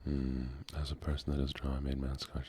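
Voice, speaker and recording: A man softly chatting with viewers while streaming a game, in a soft-spoken, easygoing way. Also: rumbling low, monotone, brisk, slightly rough.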